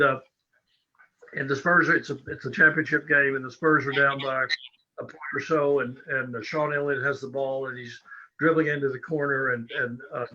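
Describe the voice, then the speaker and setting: A man's voice: mid-range voice, pushed and bright. A man telling a joking story during a casual virtual wine tasting. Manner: jokey storyteller. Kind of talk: casual chat. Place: virtual tasting video call. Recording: muffled with faint noise.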